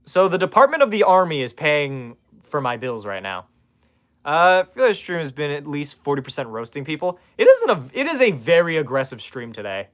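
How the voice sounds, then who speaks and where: A man's voice: on the high side, wildly swooping pitch, brisk, fairly bright tone. A man streaming from his room in casual chat, sarcastically roasting viewers and swearing freely.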